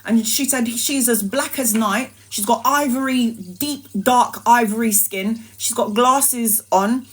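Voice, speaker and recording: A woman's voice: on the high side, slow. A woman and tarot reader telling a story in a casual livestream, acting out the voices animatedly.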